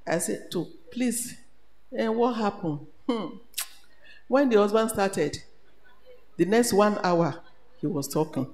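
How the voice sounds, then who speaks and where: Nigerian woman preacher, animated sermon, echoey hall, long reverb. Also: mid-range voice, slow, pauses often. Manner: animated, switches between English, Pidgin and Yoruba. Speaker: retreat speaker.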